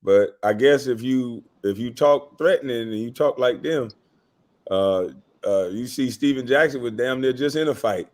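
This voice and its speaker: A man hosting a casual chat, telling stories in a relaxed way. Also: mid-range voice, normal speed. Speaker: host.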